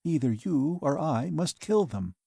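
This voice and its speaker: Storybook part: a bold, teasing alien woman, put on by a male narrator, warm low timbre. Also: sing-song, measured pace, creaky, slightly rough, no room sound, full character voice. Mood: cool, matter-of-fact.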